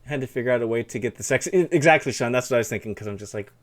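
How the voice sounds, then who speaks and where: A man's voice: medium pitch, very fast. Young man with a lisp, rambling. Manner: rambling, loose, full of fillers and restarts. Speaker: stream host interviewing a guest. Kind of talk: casual chat.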